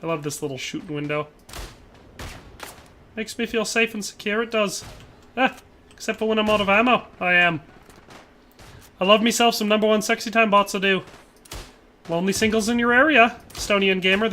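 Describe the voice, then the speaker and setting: A man talks into a desk mic while playing a shooter, with a high and strikingly bright voice. He rambles casually, reads out viewer comments and tacks playful little tags onto his sentences. A faint noise sits under his voice. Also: animated, fairly quick, pauses often. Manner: chatty, rambling, tacks on playful tag phrases. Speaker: live streamer. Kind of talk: casual gameplay commentary while reading chat.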